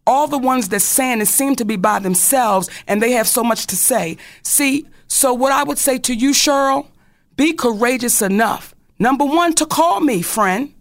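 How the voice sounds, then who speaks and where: A middle-aged woman with a gravelly, slightly rough voice holds forth on her own talk show. She talks straight to the people she names, emphatic and a little preachy. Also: high voice, normal speed. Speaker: comedian and co-host. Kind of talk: candid talk-show commentary.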